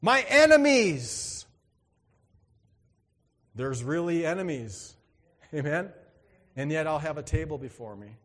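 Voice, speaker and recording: High-voiced preaching man in reverberant church. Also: very animated, slow, long pauses. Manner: dramatic swings between loud exclamation and quiet emphasis; acts out quoted voices in his preaching. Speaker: pastor. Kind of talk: sermon.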